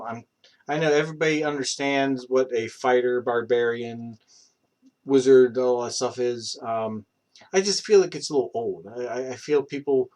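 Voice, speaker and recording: A man's voice: medium pitch, a little mellow. A young man on a live stream who rambles casually, with many fillers and restarts. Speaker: streamer practicing accents.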